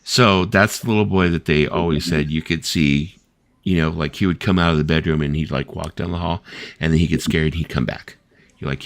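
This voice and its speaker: Gravelly deep-voiced guy in his 50s, rambly late-night storyteller, dry close sound. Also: no room sound. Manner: rambling storyteller, filler-heavy, lots of "like" and "you know"; acts out quoted voices while telling stories. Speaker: host. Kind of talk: casual late-night chat.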